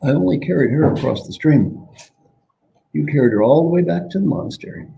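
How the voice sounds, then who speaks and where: A man voicing a calm, sleepy monk answering mildly in a told story. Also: a little high, a little fast, vocal fry, highs cut off. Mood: unbothered. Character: calm unbothered male monk.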